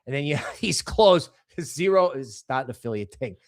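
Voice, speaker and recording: A man's voice: medium pitch, lively intonation, moderate pace. Rambling man. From New York area. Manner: rambling, emphatic, with frequent restarts. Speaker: crypto livestream host. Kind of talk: casual livestream commentary.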